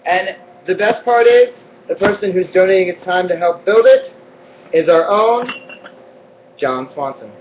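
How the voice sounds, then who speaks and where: A man with a high, bright voice hosts a casual live cooking segment in a community kitchen. He keeps things playful and jokey. The audio is tinny and narrow, like a phone line, with a faint rumble underneath. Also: expressive, measured pace, pauses often. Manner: playful, jokey, laughs often. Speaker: cooking show host.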